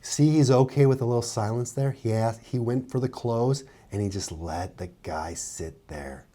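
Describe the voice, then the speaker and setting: A man coaching on real estate sales as he comments on a played clip, often acting out clients' lines. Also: moderate pace. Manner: animated, acts out buyers' lines in a higher voice.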